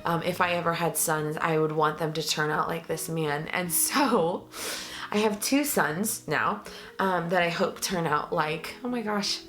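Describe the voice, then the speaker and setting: A woman's voice: low voice, unhurried, a bit bright, soft background music. A young pregnant woman talking earnestly and emotionally to her viewers in a casual vlog, with many fillers. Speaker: vlogger. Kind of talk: casual vlog talk to camera.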